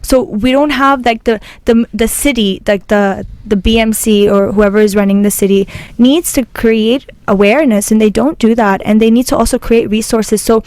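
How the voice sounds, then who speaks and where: Woman, higher-pitched, dry close sound, earnest, indignant, halting. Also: fairly even intonation, darkish tone, no room sound. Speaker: guest. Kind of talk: casual interview chat.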